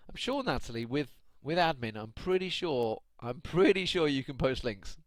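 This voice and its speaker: Very animated and a little high-pitched, this UK esports caster speaks at a moderate pace with no echo. Casting a match alone on a live stream, he's chatty, laughs a lot and rants at his chat.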